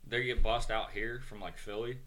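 A man's voice: fairly low pitch, steady tone, normal speed, fairly bright tone, slight background noise. A man, a corrections officer, telling rambling, profane stories in a casual podcast chat.

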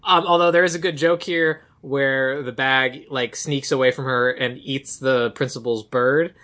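A woman co-hosting a casual podcast, recapping a movie scene by scene with quick, animated retellings. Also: rumbling low. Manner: animated retelling with quoted character voices. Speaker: podcast co-host.

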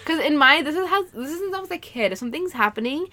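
Animated, cursing young woman storyteller. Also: high voice, quick pace, crowd noise. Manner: animated, swears a lot, acts out quotes. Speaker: podcast co-host. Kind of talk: casual storytelling chat.

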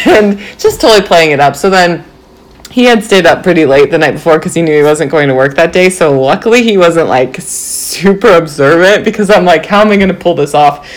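A young woman in her twenties chats to her viewers in a bubbly, animated way, her pitch sitting a bit low. She leans heavily on casual fillers as she tells her story. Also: fairly quick. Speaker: vlogger.

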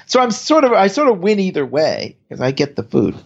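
A man's voice: sits high, wildly swooping pitch, fairly quick, gravelly, slightly rough, dull audio. A man co-hosting a podcast, recapping a TV episode in casual chat, rambling with restarts and laughs. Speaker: podcast co-host.

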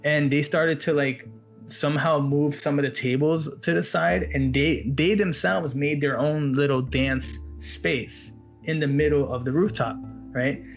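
A man working as a walk-around magician, telling a story in an animated, casual chat. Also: a little high, a little slow, creaky, faint music behind. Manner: animated, quotes others in his story.

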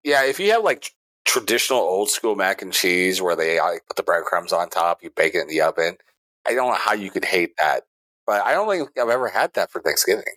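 Man, low pitch, agreeable casual podcast co-host. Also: expressive, brisk, a bit bright, no echo.

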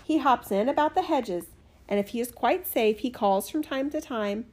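A woman reading a fairy tale aloud in an expressive, animated storytelling manner. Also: on the high side, moderate pace.

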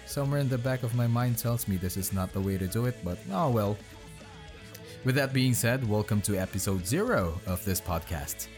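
A man's voice: on the low side, animated, moderate pace, a little mellow, soft background music. A man hosting a podcast, reading bad fan fiction aloud in his bedroom with sarcastic, mocking asides. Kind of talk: comedic dramatic reading with commentary.

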